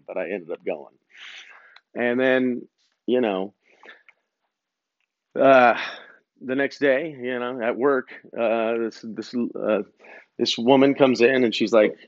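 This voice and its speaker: Taking an outdoor break at his home property, a man hosting a podcast spins a long, slangy, meandering story and laughs between phrases. He has a medium pitch, lively intonation, and a measured pace, in a dull, dry lo-fi recording with no echo.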